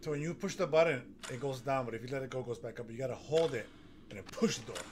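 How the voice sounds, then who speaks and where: A man giving nervous, excitable running commentary while playing a horror game, gasping and talking himself through it. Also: medium pitch, very fast, crowd noise. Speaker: gaming streamer. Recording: noticeable background noise.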